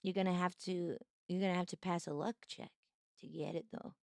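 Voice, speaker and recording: A young woman streaming casual chat, bubbly and playfully teasing, jumping up high to greet viewers. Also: steady tone, fairly quick, creaky, a little mellow, dry recording, studio quality. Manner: bubbly, greets chatters with high-pitched squeals.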